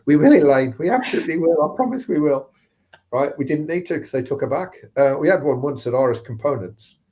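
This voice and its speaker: A man's voice: medium pitch, animated, brisk, dark tone. Chatty man telling work stories. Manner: anecdotal, acts out quoted voices. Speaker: guest speaker on recruitment. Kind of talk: storytelling in casual chat. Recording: slightly dull lo-fi sound.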